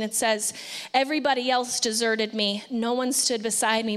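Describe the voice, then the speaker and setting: A woman pastor delivers an impassioned sermon in a high, clear voice. She preaches with conviction, leaning into repeated phrases and acting out the pleas she describes. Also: fairly bright tone, long reverb tail.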